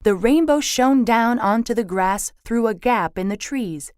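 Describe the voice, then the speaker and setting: A woman reads a children's storybook aloud, slow and clear, her voice moving up and down. The sound is close and dry. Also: fairly high pitch, animated, darkish tone, dry recording.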